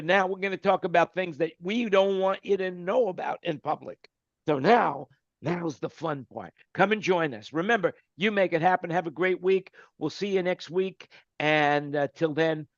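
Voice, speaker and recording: A man hosting a casual online panel chat. He talks in a jokey, rambling way and trails off quietly at the ends of his lines. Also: sits high, moderate pace, dry recording. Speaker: host. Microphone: video call. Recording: dull dry call audio.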